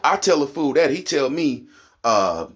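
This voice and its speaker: A man with an Oklahoma accent ranting angrily to camera, profane and heated, his voice climbing into high indignant peaks. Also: big pitch swings, a little slow, a bit bright, slightly rough. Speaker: vlogger. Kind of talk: angry rant to camera.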